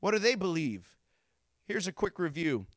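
A pastor preaching a sermon to his congregation, animated, acting out the voices of people in the story. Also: high-pitched, moderate pace, no room sound, studio quality.

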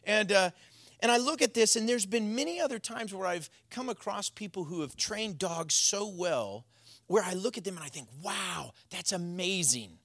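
A man's voice: high-pitched, expressive, moderate pace, fairly bright tone, no room sound. A man preaching a sermon, telling stories in a plain, conversational way. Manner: conversational storytelling, plain folksy talk.

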